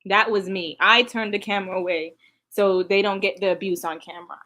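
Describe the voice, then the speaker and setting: A woman's voice: medium pitch, fairly even intonation, brisk, pushed and bright. Female vlogger, casual to-camera recap, emotional, sighs a lot. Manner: emotional, sighing, talks straight to viewers. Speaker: vlogger recounting past events. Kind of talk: casual reaction commentary.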